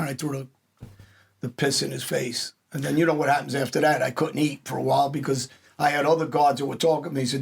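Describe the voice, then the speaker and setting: A man's voice: a little high, flat delivery, fast talker. A man, hosting a podcast and telling blunt, profane street stories in casual chat. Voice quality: gravelly and husky. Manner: blunt street talk with cursing. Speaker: podcast host.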